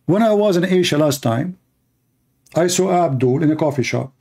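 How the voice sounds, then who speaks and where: A man's voice: on the high side, lively intonation, normal speed, gravelly, warm tone, husky. A man answering viewer questions in a casual monologue, sarcastic and mocking, speaking English with non-native grammar. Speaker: online commentator answering questions.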